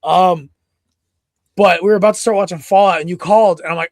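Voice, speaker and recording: Male podcast co-host, high gravelly voice, dry close mic, excitable rambling sports chatter. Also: quick pace, no echo. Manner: rambling, excitable, with many restarts. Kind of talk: casual sports chat.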